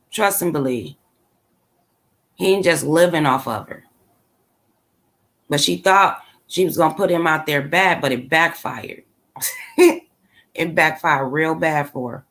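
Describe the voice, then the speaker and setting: A woman's voice: low-pitched, fairly bright tone. A woman hosting her own channel, chatting casually with her live viewers in a blunt, opinionated and sassy way, full of slang. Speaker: channel host. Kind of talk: casual commentary to a live chat.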